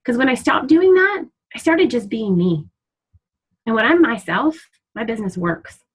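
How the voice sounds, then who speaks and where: A woman's voice: fairly high pitch, big pitch swings, normal speed, slightly rough, low-quality recording. A woman in her thirties, a fitness coach, giving a candid and emotional motivational talk on a team call, with casual swearing. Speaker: fitness coach guest speaker. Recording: call audio.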